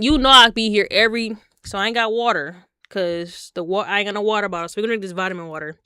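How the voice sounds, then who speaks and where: A woman in her twenties chatting on stream, telling stories in a slangy, animated way with sudden jumps in pitch. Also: fast, hardly any pauses, clear, resonant tone, no room sound, clean studio sound. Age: 20s. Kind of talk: casual storytelling chat on stream.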